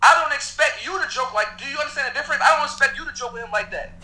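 A man's voice: very high-pitched, very fast, sharp tone, slight background noise, low-quality recording. A young man, a podcast co-host arguing defensively in casual talk, repeating himself when he feels wronged. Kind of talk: heated casual argument.

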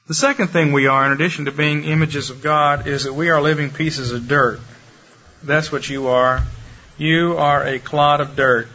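A man delivers a teaching sermon with a bright, forceful tone, a touch higher than most men. He is demonstrative, speeding up and slowing down, louder and softer, to make his points. The recording is dull and lo-fi with faint background ambience. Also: slight background noise. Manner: demonstrative, lively delivery with varied pace and loudness. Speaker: preacher. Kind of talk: sermon lecture.

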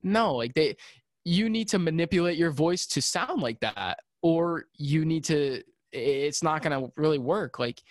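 Man, podcast guest, casual and rambling, lots of fillers, fairly high voice, dry close sound. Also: expressive, measured pace, no echo. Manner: rambling, emphatic, many fillers and restarts. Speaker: audio engineer and music producer guest.

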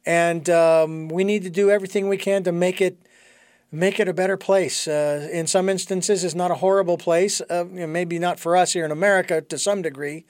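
A man hosting a conversation, talking haltingly with many fillers and restarts. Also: high-pitched, steady tone, darkish tone, no echo, clean studio sound. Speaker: host. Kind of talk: casual conversation.

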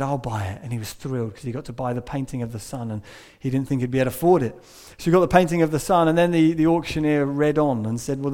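A man preaching a sermon, telling a story and moving between hushed and emphatic delivery. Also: mid-range voice.

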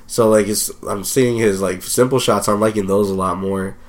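A young man with a fairly low voice co-hosts a casual podcast. He speaks in a laid-back, plain way. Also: steady tone, moderate pace. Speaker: podcast co-host.

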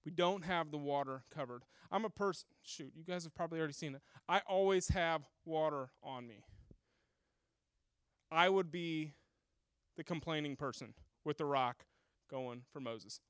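A man preaching a sermon, retelling scripture in a lively storytelling way and acting out the people in it. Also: a little high, normal speed, clear, resonant tone, no echo, clean studio sound. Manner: animated storytelling, acts out voices. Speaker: pastor.

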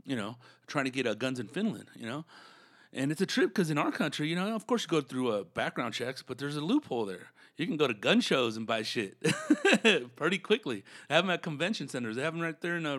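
A man's voice: mid-range voice, fairly bright tone. A man who works as a comedian, from Southern California, telling stories in a laid-back, slangy way full of fillers. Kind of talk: casual storytelling chat.

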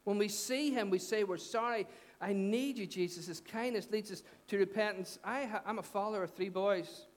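A middle-aged man with a Northern Irish accent preaching a sermon as a pastor, earnest and conversational, pushing up on key points and dropping low for asides. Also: moderate pace. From Northern Ireland. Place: church hall.

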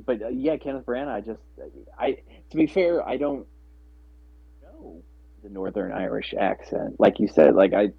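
A man with a low, husky voice chats casually about movies, talking in loose, rambling bursts full of restarts and fillers. The sound is dry and narrow, like it comes over a phone line. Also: normal speed, dry recording. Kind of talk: casual chat about films.

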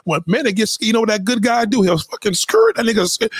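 A man's voice: high voice, expressive, fast talker, hardly any pauses, husky, no room sound, studio quality. A man hosting an online show, giving loose, profane commentary on songs, exclaiming constantly and lecturing his listeners bluntly.

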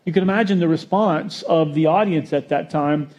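A man preaching a sermon, storytelling with jokes and acting out quotes in an animated way. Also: on the high side, moderate pace, lo-fi sound. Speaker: pastor.

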